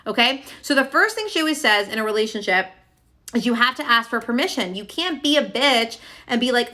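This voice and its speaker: Young woman, higher-pitched and bright, chatty coaching vlog delivery, lots of filler tags. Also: animated, fairly quick. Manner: chatty and emphatic, full of "like" and "okay?". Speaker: love coach. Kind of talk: casual teaching monologue to camera.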